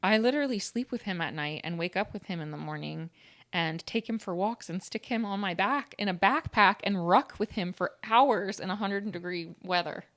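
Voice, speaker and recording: A woman's voice: medium pitch, moderate pace, a bit bright. A young woman co-hosting a podcast in casual, laughing banter. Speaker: podcast co-host. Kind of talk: casual chat.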